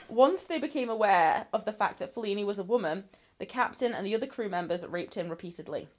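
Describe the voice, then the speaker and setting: A woman's voice: medium pitch, animated, brisk. A woman co-hosting a podcast, telling a true crime story in a chatty way, swearing freely and laughing often. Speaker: podcast co-host. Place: lives in Scotland.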